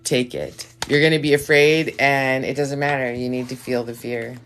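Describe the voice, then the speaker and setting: A woman with a raspy voice hosting a casual live stream, effusive and profane, giving blunt direct advice to viewers. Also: very deep voice, fairly even intonation, normal speed, fairly bright tone, a little hiss or hum.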